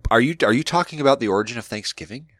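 A man's voice: medium pitch, lively intonation, rapid-fire, a bit bright, no room sound, clean studio sound. A man hosting a podcast in casual chat, playful and jumping between topics. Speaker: podcast host.

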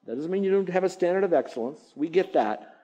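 A man's voice: high voice, animated, fast talker, dark tone, muffled recording. A middle-aged male pastor preaching a sermon, stretching out key words for emphasis and mimicking grumbling sounds.

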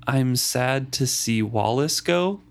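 A man co-hosting a book podcast, talking in a measured, analytical way with some hesitant restarts. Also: mid-range voice, lively intonation, creaky. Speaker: podcast co-host. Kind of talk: casual book-podcast chat.

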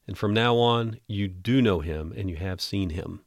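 A man hosting a podcast Bible teaching, earnest and emphatic, reading scripture slowly. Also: lowish voice, no echo, studio quality.

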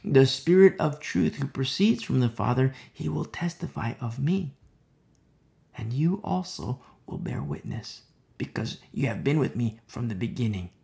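A man's voice: mid-range voice, very animated, measured pace, gravelly, warm tone. A man preaching a conversational sermon, full of fillers and acted-out quotes, at times dropping to a whisper. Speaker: pastor.

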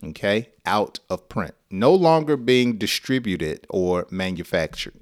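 A middle-aged American man teaching English on a live stream with a low voice. He talks very slowly and plainly and playfully acts out sample sentences. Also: animated. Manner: slow, playful, acts out example lines with laughs.

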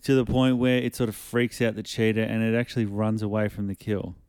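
A man's voice: fairly low pitch, level tone, a little fast, a little mellow, smooth, dry recording. A man co-hosting a podcast in casual chat, rambling and swearing freely. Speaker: podcast co-host.

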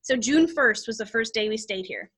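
A woman's voice: a little high, lively intonation, moderate pace, fairly bright tone, husky. A woman hosting a podcast, chatting casually about her life and her readings in a rambling way with many restarts. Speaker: podcast host and psychic reader.

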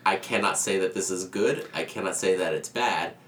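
A man co-hosting a casual podcast chat, joking and animated as he retells a show's plot. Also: low voice, moderate pace. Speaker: podcast co-host. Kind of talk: casual chat reviewing a holiday special. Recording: roomy, distant mic, faint background noise.

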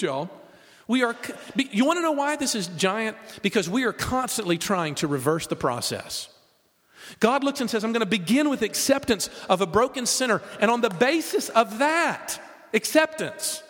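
A man preaching a sermon, emphatic and animated, asking the audience rhetorical questions. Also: high voice. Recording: reverberant hall.

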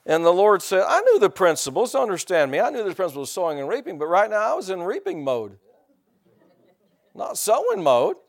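A middle-aged male pastor preaching a conversational sermon, often repeating words, asking the congregation rhetorical questions and breaking into loud bursts. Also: high-pitched, wildly swooping pitch, brisk, vocal fry.

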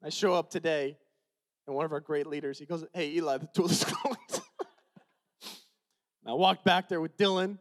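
A man preaching a sermon as pastor, swinging from shouted retellings to quiet, confiding asides. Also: fairly high pitch, normal speed, pauses often.

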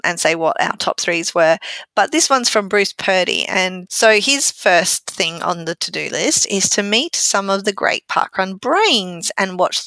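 A woman's voice: on the low side, fairly bright tone, no room sound. A woman co-hosting a podcast, chatting casually with a teasing manner and frequent laughter. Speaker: podcast co-host. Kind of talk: casual chat.

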